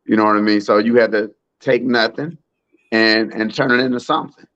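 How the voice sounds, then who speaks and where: A man's voice: lowish voice, fairly quick, dry recording, muffled recording. A man from Alabama, a private chef telling stories in a laid-back, casual way. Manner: laid-back, relaxed storyteller. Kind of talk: casual storytelling chat.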